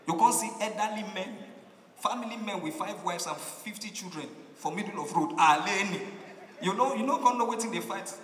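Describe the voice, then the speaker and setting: Animated Nigerian comedian in an echoey hall. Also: male voice, sits high, brisk, slight background noise. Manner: animated storytelling, acting out voices, shouting punchlines. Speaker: stand-up comedian. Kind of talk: stand-up comedy in Nigerian Pidgin and English.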